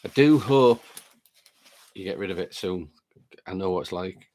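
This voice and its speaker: A man with a fairly low voice hosts a live stream in a relaxed, chatty way. He works through the viewer comments, reads them aloud and greets people by name one after another. He still has a lingering chest cold. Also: moderate pace.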